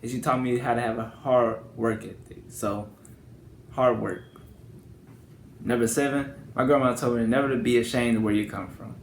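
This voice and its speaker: Speaking at a moderate pace with a medium pitch and fairly even intonation, a young country-accented vlogger from Louisiana tells stories to camera in a loose, rambling style and keeps saying "and stuff." The room is reverberant, with a bit of hiss or hum.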